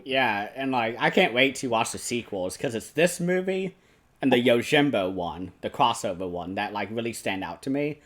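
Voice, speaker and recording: Male host, casual movie talk, animated, laughs a lot, average pitch. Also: moderate pace. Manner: animated retelling, laughs often, many "like" fillers. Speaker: podcast host. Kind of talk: casual film discussion.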